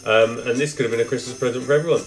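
A man's voice: medium pitch, steady tone, very fast, soft background music, poor audio. A British man co-hosting a podcast, reading out a list of rules with joking asides. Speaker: podcast co-host. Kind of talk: casual chat, reading a memo aloud.

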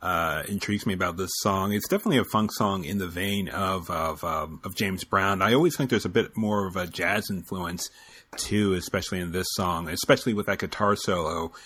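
A man's voice: sits low, fairly quick, fairly bright tone, husky. A man co-hosting a casual music podcast, musing in a rambling, hesitant way. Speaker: podcast co-host.

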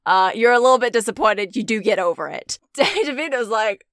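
A woman's voice: mid-range voice, fast talker, few pauses, clean tone, dry recording. A tired woman hosting a casual comedy podcast from a small home recording studio, rambling and giggling. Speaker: podcast host.

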